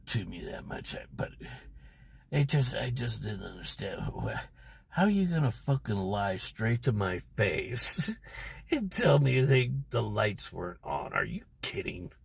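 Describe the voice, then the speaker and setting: A livestream host sits in his car telling a long, wandering story, irritated and swearing heavily throughout. His mid-range voice is husky and fairly bright, with some vocal fry.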